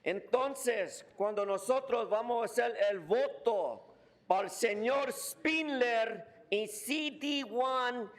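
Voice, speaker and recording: A man giving public comment at a city council meeting, ranting loudly with insults and profanity and switching between Spanish and English. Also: extremely high pitch, slow. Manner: loud, ranting, shouting at times.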